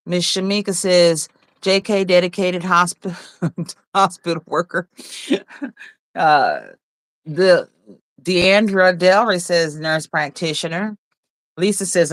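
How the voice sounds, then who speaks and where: A woman's voice: lowish voice, dry recording. Laughing woman reading livestream chat. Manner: reads chat aloud, laughs often, teasing and playful. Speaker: livestream host.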